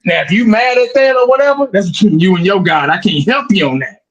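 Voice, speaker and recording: A man in his forties, a fan commentator, rambling and animated in a casual podcast chat, acting out what people say to him. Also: sits high, fast talker, highs cut off. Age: 40s. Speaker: YouTube football fan commentator.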